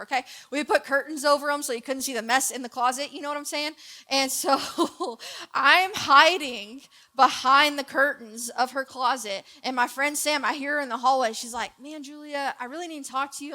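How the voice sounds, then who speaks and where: A young woman gives a relaxed church sermon, full of stories and asides to her listeners. Her voice sits high and comes across bright and clear. She talks in a loose, jokey storytelling way. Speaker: preacher.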